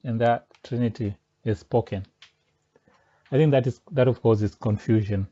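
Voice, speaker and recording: This religious commentator speaks at a normal pace in a mellow mid-range voice, insistently dismantling a pastor's teaching step by step. The recording sounds dull and lo-fi.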